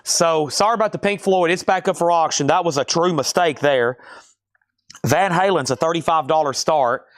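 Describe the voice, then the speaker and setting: A man hosts a live vinyl auction stream, calling out prices and bidder names in quick succession and tossing chatty asides to his viewers. His voice sits a little high for a man. The sound is dry and close, with no room echo. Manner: rapid running price calls and bidder names. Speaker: live-stream record seller.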